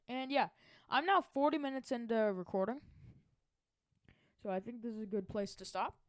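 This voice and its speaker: Narrating a map video from home at a moderate pace, this woman with a fairly high voice chats, rambles and keeps correcting herself in a casual way.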